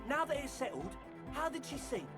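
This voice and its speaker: A woman's voice: high-pitched, very animated, a little fast, music in the background. An actress voicing an earnest young woman in a video game who is an enthusiastic techno dance fan.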